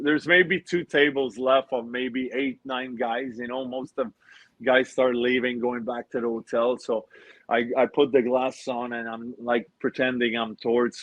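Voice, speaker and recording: A man's voice: medium pitch, steady tone, moderate pace, fairly bright tone, dry recording, poor audio. A man in his forties, a former pro hockey player, telling laughing anecdotes as a podcast guest. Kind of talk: casual podcast storytelling.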